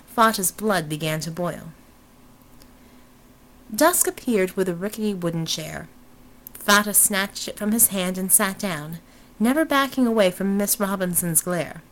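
Woman audiobook narrator, mid pitch, measured and even. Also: low-quality recording. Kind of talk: scripted narration.

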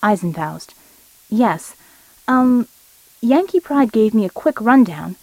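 A woman's voice: a little high, animated, slow pace, a little mellow, dry recording, dull audio, exaggerated voice. A woman voicing a hesitant male team leader in a dry, close recording. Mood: uneasy. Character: male team chief, uneasy.

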